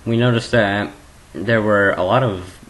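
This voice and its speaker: A man's voice: on the low side, steady tone, measured pace, fairly bright tone, rough recording. A teenage boy chatting casually at home into his webcam, rambling and joking and prone to giggling. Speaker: vlogger.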